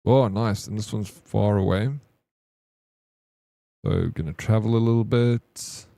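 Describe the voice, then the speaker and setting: A man's voice: on the low side, measured pace, vocal fry, warm tone, no room sound. A man streaming a game and chatting casually with his viewers, teasing them back in playful banter. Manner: playful teasing banter, reads chat aloud.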